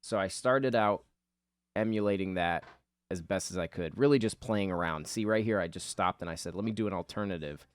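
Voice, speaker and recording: Low-voiced, rambling, self-mocking man. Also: moderate pace, clear, resonant tone, dry recording. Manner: meandering, self-deprecating, swears casually. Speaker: artist, channel host. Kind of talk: rambling commentary over a drawing video.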